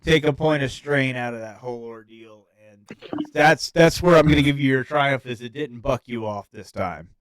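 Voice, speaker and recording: A man's voice: mid-range voice, normal speed, smooth, dry recording. A man running a tabletop game as game master, casual and laid-back with many ums. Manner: laid-back, lots of ums, frequent laughs.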